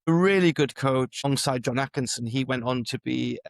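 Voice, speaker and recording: A middle-aged man recounts his sporting past in a relaxed podcast chat, drifting from one memory to the next and often restarting his sentences. He speaks at a medium pitch, recorded close and dry with no room sound. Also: a little fast, vocal fry, no room sound. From England. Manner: rambling, restarts often, chuckles through anecdotes. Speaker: podcast guest, former gymnast and coach. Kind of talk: casual interview storytelling.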